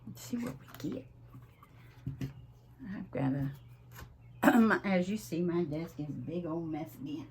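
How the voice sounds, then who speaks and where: Southern lady chatting slow at her craft desk, lowish voice, chatty, laughs a lot. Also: animated, a little mellow, a little hiss or hum. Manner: chatty, drawn-out, laughs often. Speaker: crafting channel host. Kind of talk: casual crafting vlog chat.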